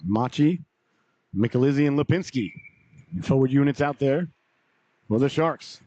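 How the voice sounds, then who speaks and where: A slightly hoarse man calling a live hockey game play by play, brisk name-by-name calls with folksy asides. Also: medium pitch, dark tone, dry recording, lo-fi sound. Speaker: play-by-play announcer.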